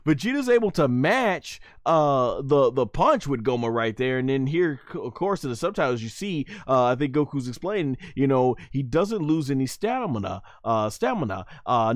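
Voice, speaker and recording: A man giving an excitable, rambling play-by-play recap of an anime episode, punctuating the action with sound effects. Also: mid-range voice, no echo, clean studio sound. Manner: loose and rambling, with many restarts and fillers.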